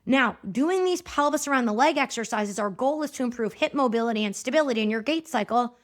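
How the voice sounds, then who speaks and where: A woman in her thirties with a high-pitched voice hosts a solo podcast, talking fast and addressing listeners directly. She's chatty, animated and encouraging.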